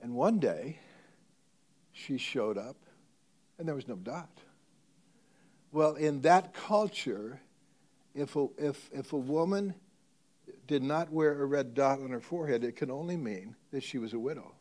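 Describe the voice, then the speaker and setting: Storytelling pastor, loud to hushed. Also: male voice, medium pitch, expressive, a little slow, long pauses. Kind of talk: sermon.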